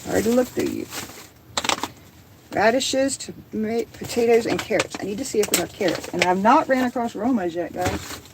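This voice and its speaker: A middle-aged woman with a Southern drawl chats easily on a relaxed home livestream. She reads viewer comments aloud and laughs often, in a voice of ordinary middle pitch. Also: normal speed, noisy background. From American South. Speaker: livestream host. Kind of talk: casual livestream chat.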